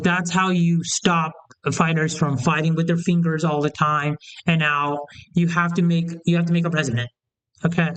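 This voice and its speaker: A man's voice: fairly high pitch, a bit bright, clear, resonant tone, rough recording. A young man giving a heated, rambling opinion rant about fight events, often restarting his sentences. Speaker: MMA commentator. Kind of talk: casual opinion rant to camera.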